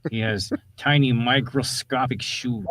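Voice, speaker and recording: A man's voice: mid-range voice, a little slow, fairly bright tone, slight background noise. A man co-hosting a podcast, dropping dry joking asides during a movie review. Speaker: podcast co-host. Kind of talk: casual movie review chat.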